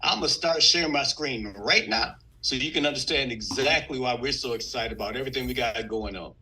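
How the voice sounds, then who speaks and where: A man from Texas, giving an energetic, emphatic sales pitch on a video call. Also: fairly quick, slight background noise, low-quality recording. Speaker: business presenter on a video call.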